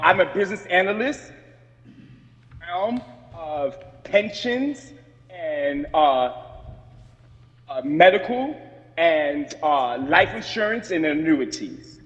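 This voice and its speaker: A man with a fairly high voice presses his complaint over a video call, aggrieved and insistent, stopping and restarting as he goes. His audio comes through dull and muffled, with a long reverberant tail. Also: a bit bright. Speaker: community board member. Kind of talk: remote meeting remarks.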